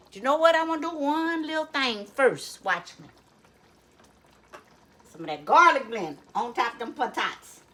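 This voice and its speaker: Lively Cajun woman cooking at home. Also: sits high, slight background noise, rough recording. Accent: Louisiana Cajun. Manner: chatty, folksy, keeps telling viewers to look. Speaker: cooking channel host. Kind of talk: casual cooking vlog. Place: home kitchen.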